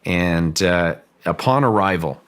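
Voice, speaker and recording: A man as an interview guest, recounting a story in a measured, deliberate way with frequent restarts. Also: deep voice, animated, clean tone. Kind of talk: storytelling in a long-form interview.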